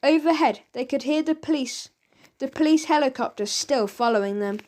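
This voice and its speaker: High, lively woman reading aloud. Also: normal speed. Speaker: audiobook narrator. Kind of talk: children's audiobook reading.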